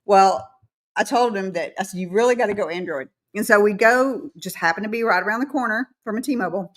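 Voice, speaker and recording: A woman's voice: medium pitch, a little fast, a bit bright. Chatty Southern American woman telling stories. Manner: chatty storyteller, acts out quotes. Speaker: co-host of a live stream. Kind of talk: casual live-stream chat.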